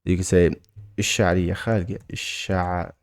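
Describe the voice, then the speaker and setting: A man with a Mauritanian accent gives a relaxed language lesson, saying each word over and over at an easy pace. His voice sits very low with a gravelly edge. The recording is close and dry. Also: dry recording. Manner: repeats words slowly, loose and chatty. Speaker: language teacher.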